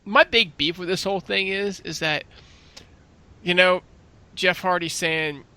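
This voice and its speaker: A man's voice: high voice, steady tone, unhurried, pauses often, sharp tone, smooth. A man co-hosting a casual wrestling podcast, talking in an exasperated, opinionated way. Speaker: podcast co-host.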